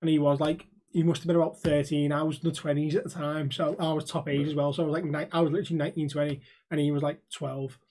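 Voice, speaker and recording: A man's voice: on the high side, flat delivery, quick pace, a little mellow, slight background noise. A man, co-hosting a podcast and telling sweary, laughing anecdotes in casual banter. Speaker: podcast co-host.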